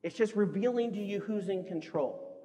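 A man preaching a conversational sermon to a congregation, lively and acting out the voices he quotes. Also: sits high, normal speed. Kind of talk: sermon with audience games. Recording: long hall reverb.

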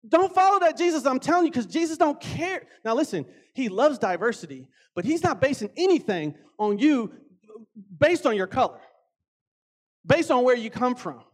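In an animated, conversational sermon, a very high-pitched man elongates key words to stress them. He keeps turning to his listeners with asides.

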